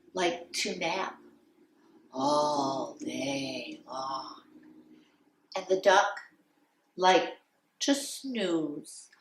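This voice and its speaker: Slow, sing-song woman reading to children. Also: low-pitched. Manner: sing-song, animated, acts out animal sounds. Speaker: children's story time host. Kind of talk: children's songs and storybook reading. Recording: roomy sound from a distant mic.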